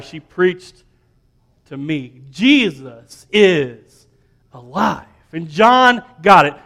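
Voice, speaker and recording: A higher-pitched man preaches an Easter-style sermon with emphatic, repetitive rhythms. He sounds like a pastor in his thirties speaking to a congregation. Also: a bit bright. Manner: emphatic, repeats words when building up.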